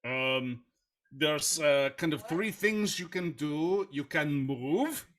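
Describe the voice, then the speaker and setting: Give me a man playing a bossy gym coach, bright and slow-spoken. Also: fairly high pitch, animated. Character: bossy male gym coach addressing a class.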